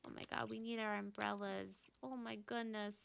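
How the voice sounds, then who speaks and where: A woman's voice: medium pitch, little pitch movement, normal speed, creaky, fairly bright tone, slight background noise. Chatty woman narrating gameplay. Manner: chatty, lots of fillers and "literally". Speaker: gameplay video creator. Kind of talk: casual let's-play commentary.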